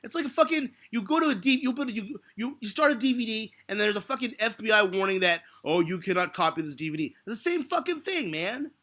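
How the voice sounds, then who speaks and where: Angry guy yelling at his stream chat, lots of swearing, tense edgy voice. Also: extremely high pitch, animated, fast talker, few pauses. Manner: angry, defensive, swearing heavily. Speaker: livestreaming stock market analyst. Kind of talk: live stream rant at viewers.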